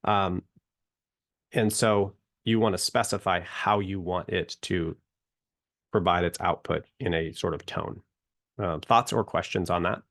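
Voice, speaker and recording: A man with a low, deep voice gives a relaxed, conversational lesson. He talks loosely, with plenty of fillers and restarts. He addresses his viewers directly. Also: unhurried. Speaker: instructor explaining prompting. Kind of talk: casual explanatory talk to viewers.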